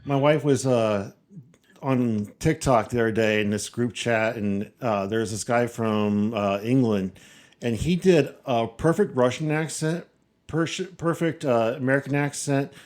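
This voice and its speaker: A man co-hosting a casual chat show, telling relaxed stories about his family. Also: medium pitch, unhurried.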